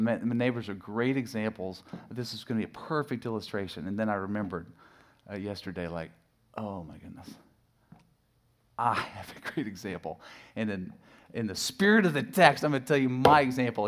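A middle-aged pastor preaching a sermon, telling a personal story with lively swings from loud acted shouts to hushed asides. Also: male voice, fairly low pitch. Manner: animated storytelling, acts out his own shouting and sudden hushed asides.

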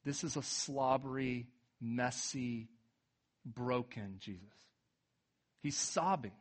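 A man preaching a sermon, retelling scripture casually and swinging from emphatic peaks to low, quiet moments. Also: takes it slowly. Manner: animated, builds to emphatic peaks then drops low and quiet. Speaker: pastor.

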